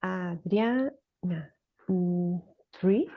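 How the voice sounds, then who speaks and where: A woman's voice: on the low side, extremely slow. Hesitant Mexican woman on a dull call. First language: Spanish. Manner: hesitant, unsure. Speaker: student.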